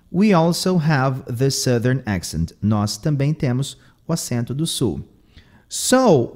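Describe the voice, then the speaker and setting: A Brazilian man teaching English, explaining a clip in Portuguese and repeating English phrases slowly and with emphasis. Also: fairly high pitch, a little mellow.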